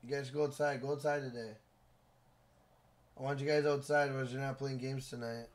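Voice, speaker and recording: A man live-streaming a video game, loud and casual, swearing often and scolding his son between comments to the chat. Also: medium pitch, little pitch movement, normal speed. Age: adult with a school-age son.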